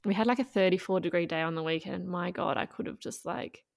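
A woman with a lowish, gravelly voice talks fast while co-hosting a podcast. A parent herself, she chats casually about family life, laughing often and saying "like" a lot. The studio sound is clean, with no echo.

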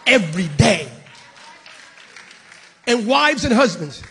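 A middle-aged man preaching a sermon as pastor, animated and playful with the congregation, dropping to a hush when telling a story. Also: sits high, slow, vocal fry, breathy edge, a faint crowd. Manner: addresses the congregation casually, calling them "baby". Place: church service.

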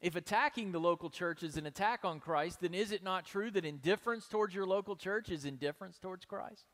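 A male pastor preaching a sermon with emphasis, many rhetorical questions and swings between soft and loud delivery. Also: high-pitched, fairly quick, long reverb tail.

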